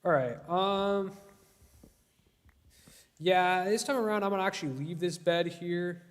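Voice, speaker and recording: A man's voice: high-pitched, a little slow. A young man streaming a game, giving casual gameplay commentary, yelping in alarm and bantering with his chat. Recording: long reverb.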